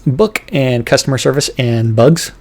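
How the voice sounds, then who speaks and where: Livestream host, a man of average pitch running through a team update list. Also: darkish tone. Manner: brisk list-reading, breaking into laughing banter.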